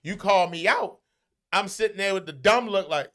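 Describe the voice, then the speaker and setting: A man's voice: sits high, normal speed, pushed and bright. A man talking casually, blunt and profane, with emphatic, brash delivery. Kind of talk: casual chat.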